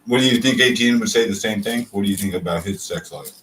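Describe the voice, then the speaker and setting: Low-voiced teasing male livestream host. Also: fast, fairly bright tone, a little hiss or hum, poor audio. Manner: teasing, prodding questions. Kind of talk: casual livestream interview.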